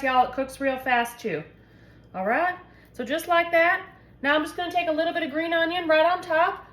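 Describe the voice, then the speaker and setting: A woman's voice: sits high, a bit bright. A woman hosting a home cooking video, chatting folksy and casual with viewers as she cooks in her kitchen. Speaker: home cooking channel host. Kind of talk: casual cooking demo chat. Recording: echoey kitchen with faint ambience.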